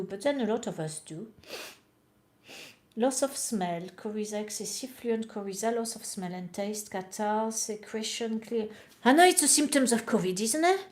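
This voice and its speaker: A woman's voice: mid-range voice, dark tone. A woman reading aloud from old books at night and chatting to the camera between passages. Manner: chatty, reads aloud and comments, talks to camera. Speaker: reader of homeopathy books.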